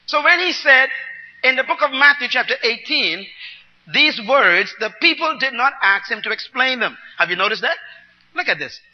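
A man preaching a teaching sermon, explaining scripture word by word and calling on the congregation to repeat after him. He swings between loud, emphatic bursts and soft asides. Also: very high-pitched, lively intonation, moderate pace, muffled recording. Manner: teaching, asks the congregation to repeat and write words down.

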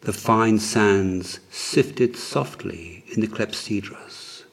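A man narrating a historical story in a measured, dramatic way, as an audiobook. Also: fairly low pitch, creaky, breathy edge.

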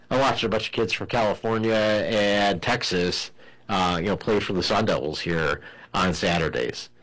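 A man's voice: sits low, fairly bright tone, rough recording. A man talking college sports in a casual, rambling way, full of "you know" fillers and restarts. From Ohio. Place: home in Arizona.

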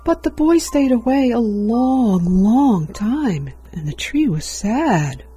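Slow, mellow woman reading a storybook. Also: fairly high pitch, sing-song, slightly rough, soft background music. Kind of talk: storybook read-aloud.

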